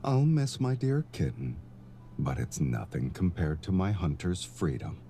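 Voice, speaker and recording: A man voicing a suave, affectionate adult man in a romance game, with a low, slow, intimate delivery. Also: sing-song, dark tone, a little hiss or hum, full character voice. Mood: teasing. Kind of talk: dubbed game dialogue.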